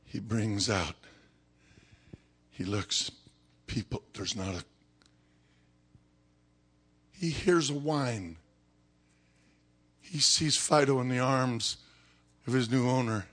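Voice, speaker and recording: A man preaching a sermon, telling a story dramatically and swinging from shouts down to whispers. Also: medium pitch, lively intonation, slow, long pauses.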